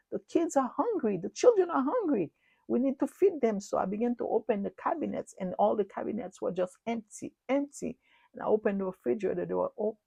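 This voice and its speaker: A middle-aged woman delivering a prophetic sermon. She speaks earnestly and repeats herself, swinging between loud and hushed. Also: medium pitch, creaky, breathy edge, no room sound. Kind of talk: prophetic sermon recounting a dream.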